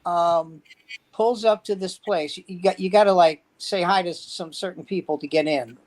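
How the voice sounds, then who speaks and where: A man's voice: high-pitched, normal speed, darkish tone, poor audio. A man, a veteran stand-up comedian, telling rambling anecdotes in casual chat and acting out the quotes.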